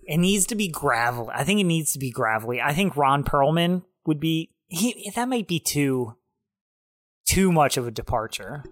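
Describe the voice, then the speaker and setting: A young man with a somewhat high voice trades jokes in a casual podcast chat. He swears offhandedly and keeps things playful. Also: very animated, moderate pace. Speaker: podcast co-host.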